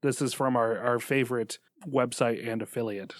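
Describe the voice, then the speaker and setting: A man's voice: medium pitch, fairly even intonation, moderate pace, no room sound, clean studio sound. A man co-hosting a podcast, chatting casually, laughing often and playfully blunt. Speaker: podcast co-host. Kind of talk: casual banter.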